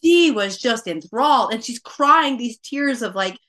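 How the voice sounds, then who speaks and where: A woman's voice: on the high side, lively intonation, measured pace, a bit bright. A woman guest on a podcast, telling a personal story casually and quoting her own thoughts aloud with many fillers.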